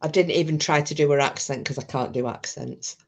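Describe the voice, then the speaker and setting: A woman hosts a casual live stream, her voice sitting low as she talks straight to her viewers. She is blunt and chatty, and she swears freely. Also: a little fast, gravelly, a little mellow.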